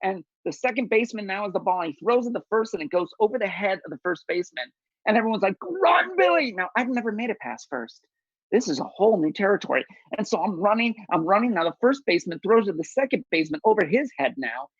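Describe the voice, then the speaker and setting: A man telling a personal story at a story slam, animated and self-mocking, over a video call. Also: high-pitched, quick pace, dry recording, lo-fi sound.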